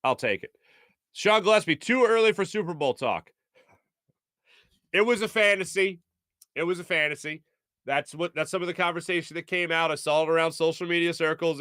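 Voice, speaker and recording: A man's voice: fairly high pitch, normal speed, no echo, studio quality. A man in his thirties hosting a live sports talk show, reading out viewer comments in a playful, joking way. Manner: playful, animated, jokey.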